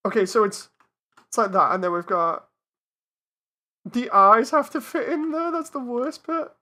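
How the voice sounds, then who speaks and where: A woman's voice: fairly high pitch, measured pace, pushed and bright. A woman streamer in casual live-stream commentary, talking herself through a task and laughing at her own mistakes.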